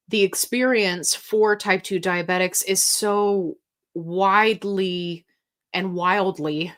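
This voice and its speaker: A woman's voice: medium pitch, fairly bright tone. A woman hosting a casual live Q&A stream. She chats candidly, reads viewer comments aloud and reacts to them. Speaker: livestream host answering viewer questions.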